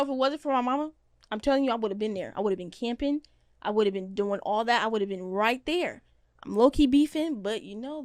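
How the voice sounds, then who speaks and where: Lively joking young woman host. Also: high-pitched, dry recording, clean studio sound. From Seattle area. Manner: animated, joking, swings between loud bursts and hushed asides. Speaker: podcast host. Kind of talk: casual chat.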